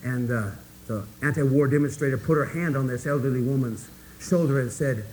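A man preaching a sermon to his congregation, emphatic and folksy, swinging between hushed asides and loud, rising points. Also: mid-range voice, a little fast, hardly any pauses, a little hiss or hum, low-quality recording. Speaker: pastor.

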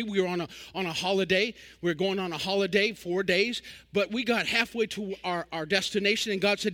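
An older man delivers a folksy evangelist sermon in a high, bright voice. He swings between quick humorous asides and sudden loud, animated bursts. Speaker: traveling evangelist.

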